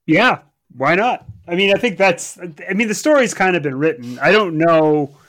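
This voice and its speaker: A man's voice: sits high, expressive, moderate pace, fairly bright tone, dry recording, studio quality. A man co-hosting a sports podcast in casual chat, opinionated but hedging, with frequent restarts. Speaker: podcast co-host.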